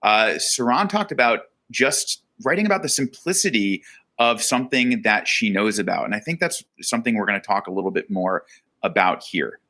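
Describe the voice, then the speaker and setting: A man hosting an educational webinar, talking in a relaxed way with lots of fillers. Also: on the low side, normal speed. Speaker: webinar host.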